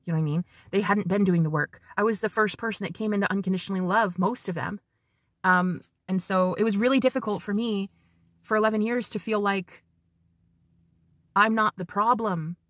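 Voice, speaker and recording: A woman tarot reader giving a casual spiritual reading, chatty and animated, swearing freely as she talks to her viewers. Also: mid-range voice, a little fast, no echo, studio quality.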